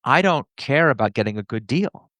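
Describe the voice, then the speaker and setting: A man being interviewed as a guest, telling stories in a lively, animated way and acting out the voices of people he quotes. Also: mid-range voice, no room sound. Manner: fast, animated storyteller who acts out quoted dialogue. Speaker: entrepreneur and author, podcast guest. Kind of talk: casual interview talk.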